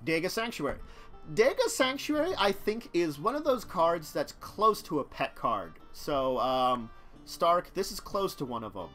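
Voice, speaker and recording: A man's voice: on the high side, sing-song, measured pace, pushed and bright, soft background music. A man casually commenting on a live stream about a card-game deck, rambling and talking to his chat. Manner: rambling, chatty, talks to chat, chuckles.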